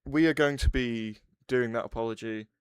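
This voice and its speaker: Smooth-voiced man chatting on stream. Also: medium pitch, moderate pace, dry recording. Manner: rambling, restarts sentences, answers chat aloud. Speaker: livestreamer. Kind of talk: casual livestream chat.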